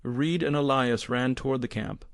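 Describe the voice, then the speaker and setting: A man narrating an audiobook in a measured, grave storytelling manner. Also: mid-range voice, vocal fry, no echo, studio quality. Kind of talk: scripted narration.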